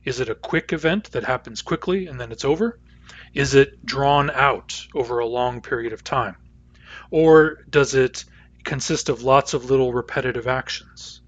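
Male language instructor, patient and methodical, mid-pitched voice, dull lo-fi recording. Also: moderate pace. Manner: patient, methodical, with many uh fillers. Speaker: language teacher. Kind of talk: lecture.

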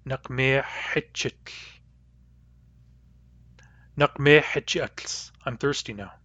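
A man teaching a language lesson, repeating each example word slowly and carefully. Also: medium pitch, fairly bright tone, no echo, muffled recording. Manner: slow, careful repetition of example words.

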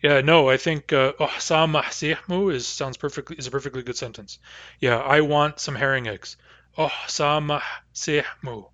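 A man teaching a language class, explaining grammar patiently and answering student questions, with frequent hesitations and slow, careful repetition of example sentences. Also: medium pitch, steady tone, a bit bright, no echo, lo-fi sound.

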